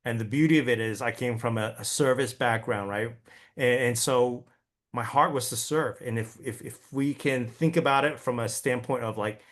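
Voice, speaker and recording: A man's voice: mid-range voice, moderate pace, fairly bright tone. A man giving a conversational training talk to real estate agents, chatty and often checking in with listeners, stumbling and repeating words as he goes. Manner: chatty, keeps asking "right?".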